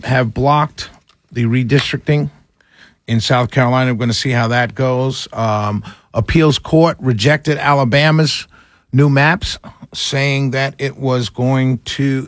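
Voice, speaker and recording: A medium-pitched man hosts a political talk show in clean studio sound with no echo. His commentary is opinionated and mocking, and he laughs a lot and puts on whiny voices.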